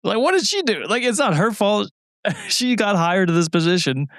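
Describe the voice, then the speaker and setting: A man's voice: high-pitched, very animated, normal speed, a bit bright, no room sound, studio quality. Laid-back young man chatting. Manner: laughing, self-deprecating. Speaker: podcast co-host and editor. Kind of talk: casual chat.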